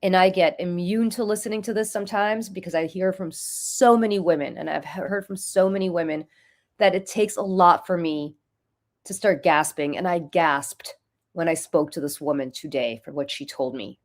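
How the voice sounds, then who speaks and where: A woman with a somewhat low voice speaks as an urgent, emotional political commentator. She presses her points hard and repeats phrases for emphasis. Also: normal speed. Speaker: political commentator and nonprofit leader. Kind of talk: impassioned talk-show commentary.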